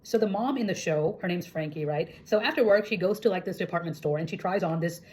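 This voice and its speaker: A woman's voice: on the low side, fast talker. Chatty young woman vlogger from India. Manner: chatty, animated retelling with frequent fillers. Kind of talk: casual storytelling monologue.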